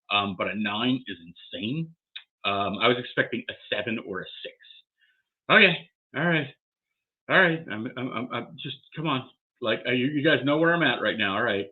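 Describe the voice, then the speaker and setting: A man vlogging as he opens graded trading cards, worked up and swearing as he talks to himself. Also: on the low side. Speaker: card collector vlogger. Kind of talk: excited unboxing vlog. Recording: tinny phone-like sound.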